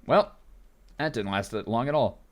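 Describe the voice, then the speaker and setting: A man's voice: mid-range voice, animated, moderate pace. A man casually commentating while he plays a video game, joking and reading on-screen text aloud. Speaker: gaming video host. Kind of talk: casual let's play commentary.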